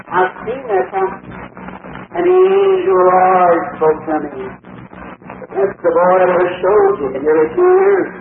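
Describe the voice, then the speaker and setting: Preacher man, high voice jumping all over, tinny old tape in a big echoey hall. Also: slight background noise. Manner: emotional storytelling, swinging from hushed to shouted. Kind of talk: sermon testimony.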